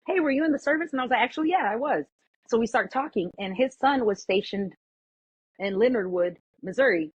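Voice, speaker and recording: A woman guest telling a story in casual chat, animated and full of "like", acting out what others said. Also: mid-range voice, slightly rough, dry recording, lo-fi sound. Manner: animated, acts out quoted voices, lots of "like". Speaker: podcast guest.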